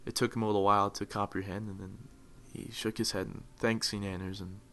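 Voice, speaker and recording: A young man giving mock-dramatic motivational narration for a gaming video, swelling into loud, fervent peaks. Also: on the low side, level tone, brisk. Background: faint music.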